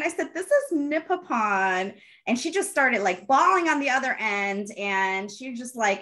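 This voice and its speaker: A middle-aged woman, a panel guest, earnestly recounting her family history with animated retelling. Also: fairly high pitch. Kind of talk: personal storytelling.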